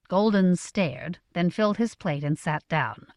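A woman narrating a story in a measured, expressive reading. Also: lowish voice, no echo, clean studio sound. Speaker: audiobook narrator. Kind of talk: scripted narration.

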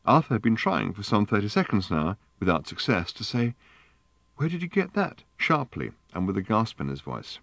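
A man with a very low, deep voice narrates a novel in a measured, dryly wry way. The recording is close and dry, with no room sound. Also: very animated, gravelly, fairly bright tone, dry recording. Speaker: audiobook narrator. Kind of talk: scripted narration.

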